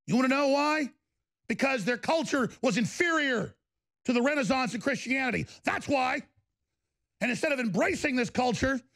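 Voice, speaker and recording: A male host delivering an angry political commentary, ranting with heavy sarcasm. His voice sits high and has a gravelly, fried edge. He talks in heated bursts. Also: a bit bright. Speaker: show host.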